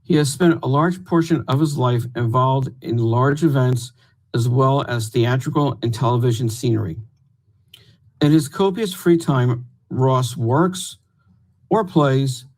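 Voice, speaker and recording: A man in his fifties presenting an award, reading a prepared citation in a steady, formal way. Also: mid-range voice, poor audio. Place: home room, virtual event.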